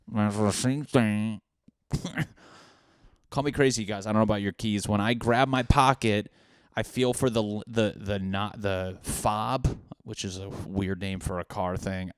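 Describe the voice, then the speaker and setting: A man's voice: lowish voice, steady tone, a little slow, clean tone, no room sound, studio quality. A young man hosting a solo comedy podcast, rambling and self-mocking, often slipping into silly put-on voices. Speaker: podcast host.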